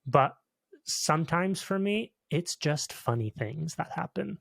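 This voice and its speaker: A man co-hosting a podcast in relaxed casual chat, often checking in with "okay?" and "dude". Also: on the high side, a little slow, gravelly, husky, no room sound, clean studio sound. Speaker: podcast co-host.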